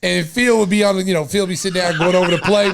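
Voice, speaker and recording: A man hosting a podcast in casual chat, joking and laughing as he tells stories, acting out shouted quotes. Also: high-pitched, fairly even intonation, very fast, gravelly. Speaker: podcast host.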